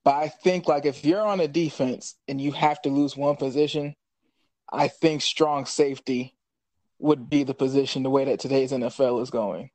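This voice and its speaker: A man co-hosting a sports podcast, talking in a thoughtful, unhurried way with many fillers. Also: medium pitch, fairly even intonation, a little mellow, no echo, low-quality recording. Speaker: podcast co-host.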